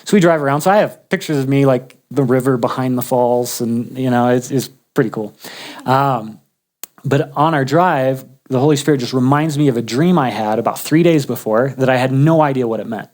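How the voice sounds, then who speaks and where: A man's voice: mid-range voice, fairly quick, darkish tone. A man casually telling a personal faith story, humorous and chatty, often restarting his sentences. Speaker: guest sharing a faith testimony.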